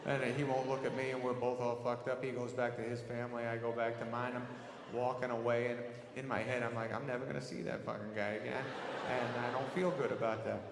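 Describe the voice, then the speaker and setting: A man's voice: medium pitch, level tone, a little fast. Profane stand-up man in an echoey hall. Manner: profane, rambling anecdote. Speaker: stand-up comedian. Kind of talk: stand-up storytelling. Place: large theater stage. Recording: echoey hall with audience noise.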